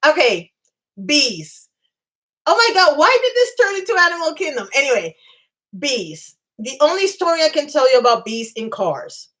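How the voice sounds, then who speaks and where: A slightly high-pitched woman telling stories to her viewers in a loose, chatty way. She is animated and quick to poke fun at herself, breaking off to greet people in the chat. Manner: animated, self-mocking, laughs at herself. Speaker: channel host. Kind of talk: casual storytelling to live chat.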